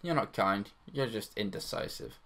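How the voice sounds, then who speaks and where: Dismissive young woman as a man reads her, flat delivery, gravelly, lively pitch. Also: moderate pace. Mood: cold.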